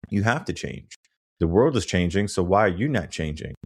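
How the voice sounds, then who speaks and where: Emphatic deep-voiced man, dry sound. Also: lively intonation, moderate pace, no echo. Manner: emphatic, asks rhetorical questions. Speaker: podcast host and coach. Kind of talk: motivational conversation.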